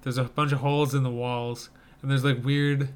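A young man co-hosts a casual podcast chat, enthusiastic and rambling. His voice is smooth and resonant, sitting at a middle pitch. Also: little pitch movement, moderate pace. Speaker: podcast co-host reviewing trailers.

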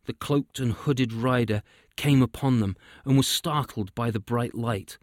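A man narrating a children's fantasy story in a steady, even storytelling voice. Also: medium pitch, unhurried, no room sound, clean studio sound. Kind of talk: storybook reading.

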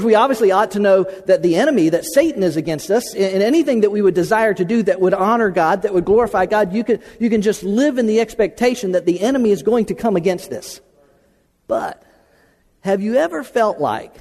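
A man's voice: high-pitched, a little mellow, long reverb tail. An American man preaching a sermon in a folksy, conversational way, repeating phrases for emphasis. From United States. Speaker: pastor.

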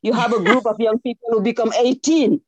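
A woman's voice: a little high, fairly even intonation, a little fast, no echo. A woman from Senegal with a French accent, an earnest community organizer who repeats herself as she makes her points. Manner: earnest, repeats phrases, laughs between thanks.

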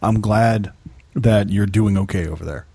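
A man co-hosting a podcast over a video call, talking casually and supportively with halting fillers. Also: lowish voice, creaky, warm tone, slightly rough, dry recording. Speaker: podcast co-host.

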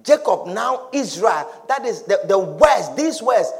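A male preacher giving a dramatic sermon, repeating phrases and often shouting. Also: high-pitched, sing-song, a little slow, creaky.

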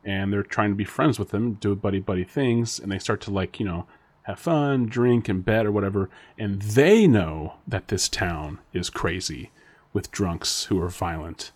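A man's voice: on the low side, moderate pace. A man co-hosting a casual podcast chat, rambling and speculating with frequent laughs and restarts. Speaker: podcast co-host.

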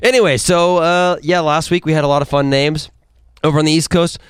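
A man's voice: fairly high pitch, steady tone, brisk. A man co-hosting a casual podcast, rambling and enthusiastic as he tells his picks. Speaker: podcast co-host. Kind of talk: casual chat.

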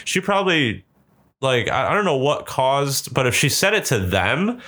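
A man's voice: medium pitch, sing-song, normal speed, bright, forceful tone. A man telling a long, rambling story in casual chat, swearing often and acting out what people said in raised voices. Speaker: podcast co-host telling a story.

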